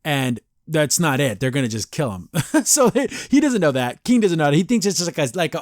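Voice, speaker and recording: A man with a fairly high voice talks through an episode recap as a podcast host, loose and rambling, full of fillers and false starts. The sound is close and dry, with no room echo. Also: sing-song, a little fast. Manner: rambling, many fillers and restarts. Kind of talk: casual episode review.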